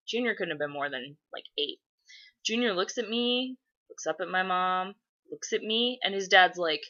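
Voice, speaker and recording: Profane, animated woman telling a story. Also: lowish voice, normal speed, muffled recording. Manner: animated, profane, acts out voices in her stories. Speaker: vlogger answering viewer questions. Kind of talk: casual storytelling to camera.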